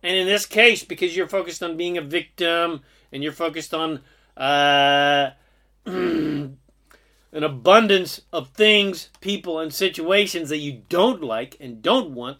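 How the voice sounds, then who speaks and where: A man giving an earnest, sermon-like spiritual talk, drawing out his phrases slowly. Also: fairly high pitch, a bit bright. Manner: slow, earnest, sermon-like delivery with drawn-out phrases. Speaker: spiritual speaker. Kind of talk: inspirational monologue.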